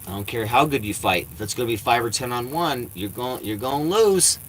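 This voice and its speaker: A man's voice: medium pitch, animated, a little fast, slight background noise, poor audio. A man vlogging casually from his RV. He talks bluntly and swears often. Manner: blunt, profane, talks to his cats in baby talk. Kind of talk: casual rambling vlog. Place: inside an RV.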